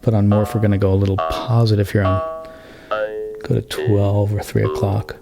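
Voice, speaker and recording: Low-voiced man demoing synth patches. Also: moderate pace, vocal fry, over loud music. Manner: relaxed, explains knob settings step by step. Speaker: synth tutorial host. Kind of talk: casual hands-on demonstration. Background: synthesizer sounds playing.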